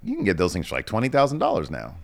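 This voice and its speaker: An American man chatting on a wrestling podcast, his voice bouncing all over the place with animated inflection. He laughs a lot and slips into mock voices for quotes. It sounds loose and casual. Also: deep voice, very fast, vocal fry. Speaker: podcast co-host.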